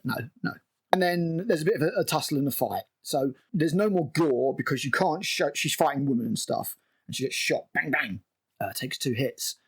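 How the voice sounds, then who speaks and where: A man's voice: fairly high pitch, husky. A man recapping a TV episode as a review host, exasperated and sarcastic and swearing freely.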